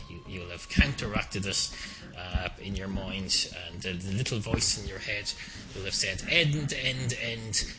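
A man's voice: low-pitched, low-quality recording. A man hosting his own podcast alone, rambling in a dry, self-mocking way with many fillers and restarts. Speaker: podcast host. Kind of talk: rambling solo podcast monologue. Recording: music clearly heard behind the voice. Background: background music.

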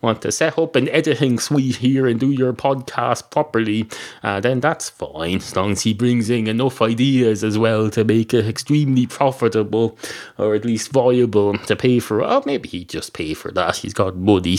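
A man hosting a solo comedy podcast from a small spare bedroom, rambling, interrupting himself and swearing freely. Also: on the low side. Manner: meandering, self-interrupting, sweary. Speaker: podcast host. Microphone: home podcast mic.

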